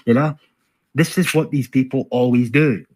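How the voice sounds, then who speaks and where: A man's voice: mid-range voice, poor audio. A man giving sarcastic, profane political commentary over video clips, full of rhetorical questions.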